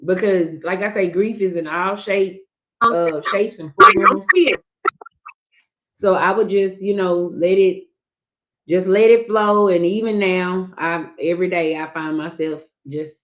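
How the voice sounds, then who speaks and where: Speaking a little slowly in a fairly low voice with fairly even intonation, a woman on a livestream talks frankly about her grief. Her casual, earnest speech often breaks off and restarts, and the sound is tinny, like a phone call.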